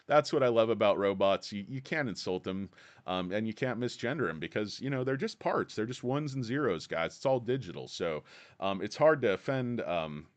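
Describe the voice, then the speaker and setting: A man's voice: fairly low pitch, expressive, moderate pace. Male stream host, casual and rambling, crude irreverent jokes between stock updates. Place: his office.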